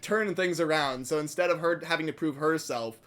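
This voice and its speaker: A man co-hosting a casual chat, animated, laughing often and full of fillers. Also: on the high side, brisk. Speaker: podcast co-host.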